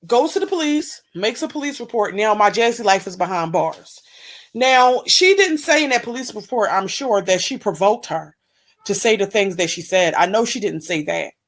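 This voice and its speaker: A woman hosting a reaction video, giving casual, emphatic commentary and putting questions to her viewers. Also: a little high.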